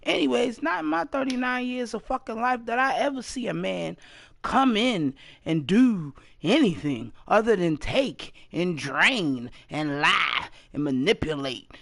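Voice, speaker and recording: A woman in her late thirties in a casual to-camera vlog rant, blunt and profane, with sudden loud outbursts. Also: medium pitch, expressive, unhurried, gravelly, dry recording, studio quality. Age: 30s. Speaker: vlogger.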